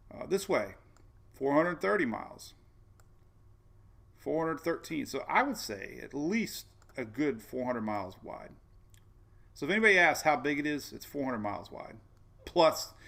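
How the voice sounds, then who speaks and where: A man's voice: a little high, creaky, a bit bright. A man hosting a casual weather livestream, chatty and folksy, often repeating himself and saying "man". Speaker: weather show host.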